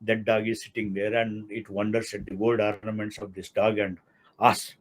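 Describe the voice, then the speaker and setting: A man's voice: lowish voice, steady tone, moderate pace. A man in his sixties with an Indian English accent, a law professor giving an explanatory lecture and often using "see" and "okay". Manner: explanatory, repeats key words, uses "see" and "okay". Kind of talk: academic lecture.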